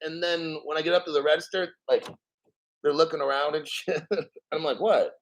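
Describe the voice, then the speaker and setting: A man with a somewhat high-pitched voice chats through a crypto livestream in an easy, rambling way. He swears casually and keeps clearing his throat between thoughts. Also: fairly even intonation, brisk, a bit bright, a little hiss or hum. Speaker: crypto livestream host reading chat.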